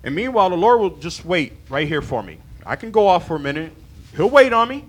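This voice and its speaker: A man preaching a sermon to his church, animated and laughing, acting out his talks with God. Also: sits high, fairly quick, slightly rough. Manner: animated, acts out dialogue with God, laughs often.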